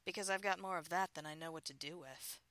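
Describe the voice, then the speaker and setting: A woman reading the lines of a playful adult husband teasing his wife over the phone, in a low murmur. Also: quick pace, a bit bright, no room sound.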